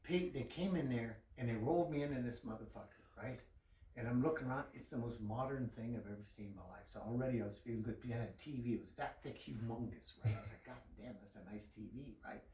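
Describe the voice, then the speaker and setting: A man telling a profane, animated story full of quoted dialogue in a casual chat with a friend. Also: mid-range voice, fast, echoey room, far from the mic, slight background noise, rough recording. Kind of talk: casual anecdote told to a friend.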